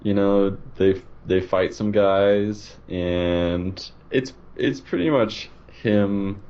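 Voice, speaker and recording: A man's voice: fairly low pitch, dark tone, muffled recording. A man co-hosting a casual movie review chat, speaking hesitantly with many fillers. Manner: slow, hesitant, lots of fillers. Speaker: podcast co-host.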